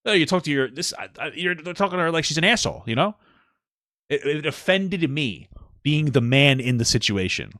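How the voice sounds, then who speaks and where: A man's voice: mid-range voice, no room sound, studio quality. A man co-hosting a casual chat, talking animatedly, swearing and jumping in often. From New York. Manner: animated, swearing, quick to jump in. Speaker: podcast co-host.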